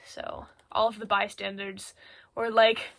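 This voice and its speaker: A teenage girl presents a school project on a phone recording, her woman's voice medium in pitch, level, and measured, with a gravelly yet fairly bright quality. She retells a story in chatty, irreverent slang, scattering filler words through a casual spoken recap.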